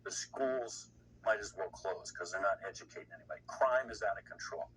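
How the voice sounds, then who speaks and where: A guest commentator with a low, slightly bright voice delivers political commentary fairly quickly. He's blunt and indignant, rambling and restarting as he goes. The mic sounds distant, with faint noise.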